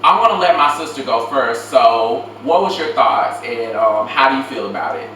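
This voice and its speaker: Woman host, casual reaction chat, emphatic and chatty, bright forceful tone, recorded from a distance. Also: a bass voice, expressive, moderate pace. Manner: chatty, emphatic, lots of filler. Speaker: show host. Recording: echoey room, mic at distance, faint noise.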